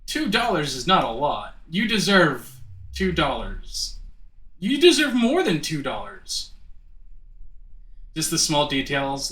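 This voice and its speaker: A man's voice: fairly high pitch, sharp tone. A man streaming a game live, chatting with his viewers, laughing often and tripping over his words. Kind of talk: live gameplay commentary. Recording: roomy room with game music behind.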